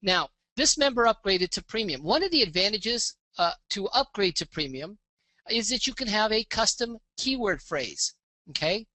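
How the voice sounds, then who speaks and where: Male webinar presenter, upbeat sales pitch, forceful voice, dry close sound. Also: sing-song, moderate pace, dry recording. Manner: upbeat salesy walkthrough, frequent "okay?" check-ins. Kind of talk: live online business pitch with screen demo.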